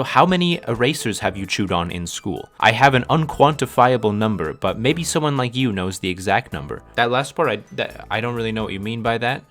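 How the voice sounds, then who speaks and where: A Canadian man in his twenties with a North American accent answers viewer questions in a casual chat. His mid-range, fairly bright voice has a bouncy, sing-song rhythm, sprinkled with playful swearing.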